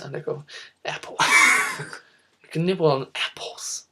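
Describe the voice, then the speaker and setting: A woman's voice: lowish voice, huge pitch swings, normal speed, bright, forceful tone, slight background noise. Giggly young woman doing spoof news. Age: teens. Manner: goofy, giggly and rambling. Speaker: host of a spoof news show. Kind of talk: mock news presenting.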